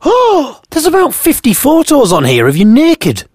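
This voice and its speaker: A man doing a shrill, shocked woman. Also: animated, unhurried, no echo, studio quality. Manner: shrill, exclamatory. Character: shocked young woman friend, squeaky.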